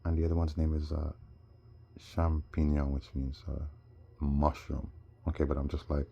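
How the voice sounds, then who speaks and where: A man telling a rambling personal story, animated and sometimes heated. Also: extremely low pitch, moderate pace, vocal fry, breathy edge, dull audio. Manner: animated, rising to heated outbursts.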